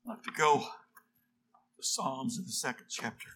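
A man preaching a fiery sermon, reading scripture quietly, then shouting his exhortations. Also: mid-range voice, animated, normal speed, slight background noise.

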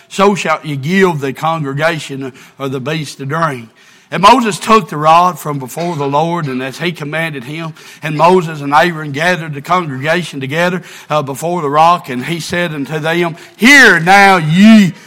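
A man's voice: a little high, pushed and bright. A man preaching an impassioned sermon and reading scripture aloud.

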